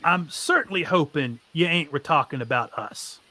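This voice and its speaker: A man voicing a huge, wary male bandit leader who talks in booming, drawn-out commands. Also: lively intonation, bright, forceful tone, no echo. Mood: gruff.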